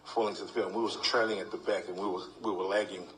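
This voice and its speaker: A man's voice: low voice, fairly even intonation, very fast, fairly bright tone, a little hiss or hum, rough recording. A middle-aged man giving a heartfelt, humorous eulogy full of stories. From New Zealand. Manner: heartfelt, humorous storytelling with acted quotes. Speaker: eulogy speaker. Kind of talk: funeral eulogy.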